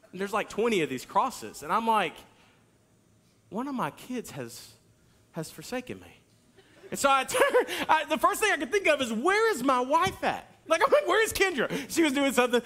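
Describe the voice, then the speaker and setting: A man in his thirties preaching a sermon in a church, telling a family story with animated delivery and acted-out lines. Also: sits high. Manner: animated storytelling, acts out hollering and kids' lines. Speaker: pastor. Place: church sanctuary.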